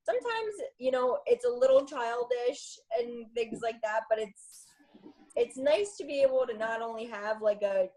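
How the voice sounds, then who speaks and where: A woman's voice: on the high side, animated, moderate pace, a little mellow, low-quality recording. Chatty, rambling young woman guest. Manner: rambling and chatty, often laughing at herself. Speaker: interview guest, new coach. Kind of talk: casual interview.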